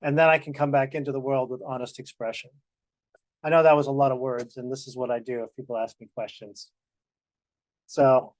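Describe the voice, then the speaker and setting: A man in a video-call practice group, sharing his own experience in an earnest, reflective way and slowing down on key phrases. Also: mid-range voice, little pitch movement, no echo.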